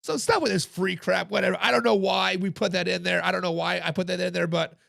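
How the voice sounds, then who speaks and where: A podcast host runs a casual sports talk livestream, chatting with viewers in the chat, his high voice heavily gravelly and hoarse from coaching. He talks at a quick pace with a slightly bright tone, in a dry, close recording.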